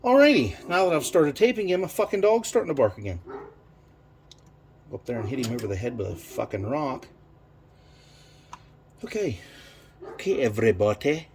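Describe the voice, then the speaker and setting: A man in a home garage walks through a carburetor rebuild in an unhurried, rambling way, thinking aloud and swearing often. His voice sits at an ordinary middle pitch, and a faint hum of noise sits behind him. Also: big pitch swings, a little mellow. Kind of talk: casual workshop how-to.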